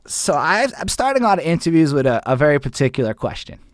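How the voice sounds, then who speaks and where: A man, hosting a livestreamed interview in an excited, rambling way with plenty of swearing. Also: fairly high pitch, quick pace. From Montreal, Canada. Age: 30s. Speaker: host.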